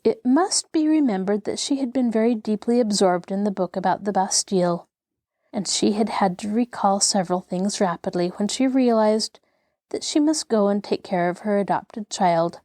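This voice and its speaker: A woman reads a classic novel aloud as an audiobook host, measured and expressive. Her voice sits mid-range, recorded close and dry with no room sound. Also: medium pitch, no room sound. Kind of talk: scripted narration of a classic novel.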